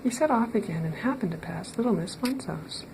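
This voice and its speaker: A woman reading a children's storybook aloud in an expressive, playful way, with a slightly creaky voice. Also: mid-range voice, brisk, background noise. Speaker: storybook reader. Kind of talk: children's read-aloud narration.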